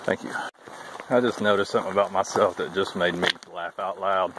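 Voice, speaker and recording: A man vlogging casually as he hikes a trail, chatty and wry, thinking out loud. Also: low-pitched, steady tone, brisk, noisy background. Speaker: thru-hiker vlogger. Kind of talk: casual walking vlog. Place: outdoors on a wooded hiking trail. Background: faint outdoor ambience.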